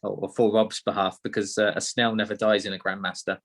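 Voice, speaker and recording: A man's voice: lowish voice, little pitch movement, quick pace, a bit bright. A man with a British accent co-hosting a podcast, chatting casually with many ums and uhs. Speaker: podcast co-host. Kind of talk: casual chat.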